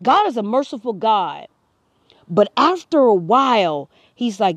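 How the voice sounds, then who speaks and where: A woman's voice: a little high, very animated, a little slow, dry recording, lo-fi sound. Earnest woman preaching to camera. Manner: earnest, preachy, rising to emphatic. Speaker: vlogger. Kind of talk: impassioned personal commentary.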